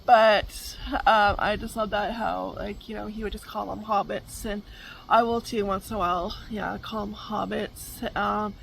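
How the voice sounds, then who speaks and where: A woman's voice: medium pitch, steady tone, a little slow, vocal fry, a bit bright, slight background noise, poor audio. A middle-aged woman, hosting a casual chat, rambling with many fillers and frequent laughter. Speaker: vlog host.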